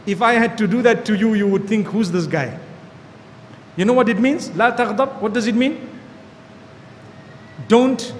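A man preaching a sermon to a gathering of young people, animated and repeating key phrases for emphasis. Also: sits high, normal speed, pauses often, in a large hall, a little hiss or hum. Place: hall with an audience.

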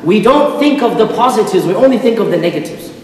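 A man's voice: sits high, expressive, fast talker. A man giving a sermon as imam, emphatic and repetitive, now and then reciting Arabic verses. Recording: echoey mosque hall.

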